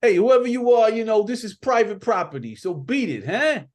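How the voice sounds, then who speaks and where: A man's voice: extremely high pitch, sing-song, slow pace, fairly bright tone, pitched above the performer's own voice, full character voice. A man voicing a pushy middle-aged human man with a used-car-salesman air, barking suspicious questions. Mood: hostile.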